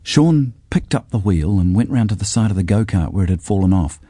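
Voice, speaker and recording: A man narrating a children's storybook with an expressive, varied delivery. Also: low voice, quick pace, no room sound, studio quality. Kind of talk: storybook reading.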